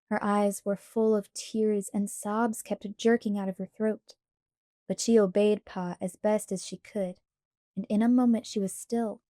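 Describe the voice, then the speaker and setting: A woman narrates a children's classic in a steady, measured read-aloud voice. Her tone is warm and mellow, and the recording is close and dry with no room sound. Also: mid-range voice, no echo. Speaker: audiobook reader.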